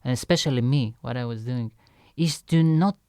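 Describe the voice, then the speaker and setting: Young guy rambling casually, lots of "like" and swearing, smooth voice, dry sound. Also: medium pitch, moderate pace, darkish tone, no room sound. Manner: loose and chatty, heavy on "like" fillers and swearing. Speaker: music creator reacting to his own song.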